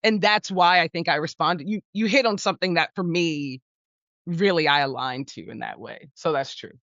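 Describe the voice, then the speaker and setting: A woman co-hosting a podcast, talking about film in a casual, animated and emphatic way, sometimes swearing. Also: on the low side, moderate pace, no room sound, dull audio. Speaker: podcast co-host.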